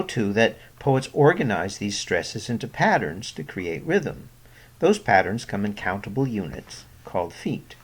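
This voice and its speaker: A man reads a scripted poetry lesson in a husky, gravelly voice. His pitch swings widely as he leans on example words. His delivery stays clear and explanatory. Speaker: poetry teacher. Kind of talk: scripted educational narration.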